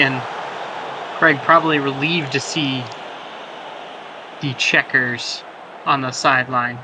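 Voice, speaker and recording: High-pitched, jokey male soccer commentator. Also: fairly even intonation, a little slow, long pauses. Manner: jokey, rambling asides between calls, surging on chances. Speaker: play-by-play commentator. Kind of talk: sports commentary of a simulated soccer match. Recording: background noise.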